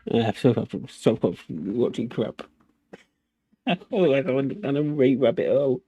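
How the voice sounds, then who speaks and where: A man's voice: mid-range voice, takes it slowly, dark tone, husky, dull audio. A man casually chatting on a livestream while showing his setup, rambling and hesitant with many fillers. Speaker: streamer. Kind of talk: casual livestream tutorial chat.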